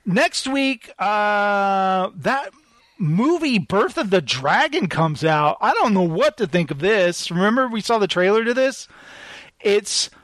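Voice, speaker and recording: A man hosting a casual movie chat, playful and quick to giggle as he reads out reviews. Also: high-pitched, big pitch swings, fairly bright tone, no echo. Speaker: podcast host.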